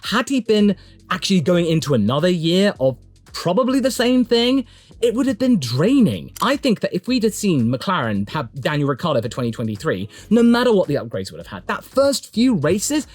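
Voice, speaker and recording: Man, solo commentary, chatty and emphatic, lively swooping pitch, faint music underneath. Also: moderate pace. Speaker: motorsport YouTube commentator.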